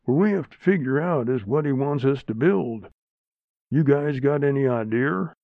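A man's voice: medium pitch, lively intonation, moderate pace, vocal fry, dry recording, voice pushed up. A man voicing Red, an eager, talkative man who keeps pressing his point, in a storybook reading. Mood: earnest. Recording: narrow phone-like sound, dry.

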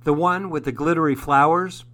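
A man's voice: fairly high pitch, moderate pace. A man voicing an eager, pleading little boy in a read-aloud storybook. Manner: excited, pleading. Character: eager little boy who loves skirts.

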